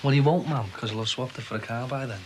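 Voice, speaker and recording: A sardonic young working-class man, played by an actor in a TV soap. He teases and jokes with a dry, mocking edge at a middle pitch. The soundtrack carries clear background noise. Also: fast talker, lightly acted. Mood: joking. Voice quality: teasing, sardonic. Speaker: son and boyfriend in a soap. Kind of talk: TV soap acting. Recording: noisy TV soundtrack.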